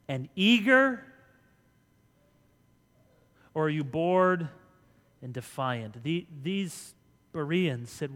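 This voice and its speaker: A man preaching a sermon as pastor, conversational, swinging between loud emphasis and soft asides. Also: a little high. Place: church sanctuary. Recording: church hall reverb.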